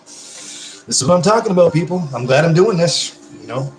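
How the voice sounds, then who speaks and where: A man's voice: fairly high pitch, expressive, moderate pace, echoey room, soft background music, rough recording. A man chatting on a live stream, drinking beer while he answers comments, effusive, rambling and swearing constantly. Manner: effusive, rambling and heavily profane. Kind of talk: casual live-stream chat.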